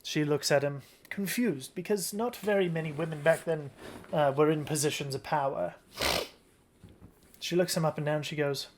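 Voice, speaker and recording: A game master narrating a tabletop game in a relaxed storytelling manner. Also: mid-range voice, moderate pace, a little hiss or hum. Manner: relaxed storytelling, with occasional restarts.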